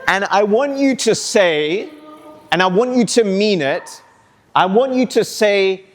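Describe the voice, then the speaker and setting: Energetic man leading call-and-response. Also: sits high, takes it slowly. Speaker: motivational speaker. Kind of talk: interactive talk to students. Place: school hall.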